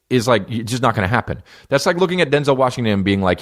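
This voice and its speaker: A man's voice: mid-range voice, lively intonation, fast talker, few pauses. A man hosting a comedy podcast, talking in a profane, rambling and jokey way. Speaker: podcast host.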